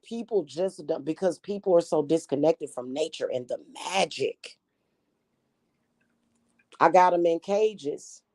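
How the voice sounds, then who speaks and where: A woman's voice: fairly low pitch, dry recording. Woman, casual profane rant to camera, dry close recording. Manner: brash, profane, animated. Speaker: spiritual reader and vlogger.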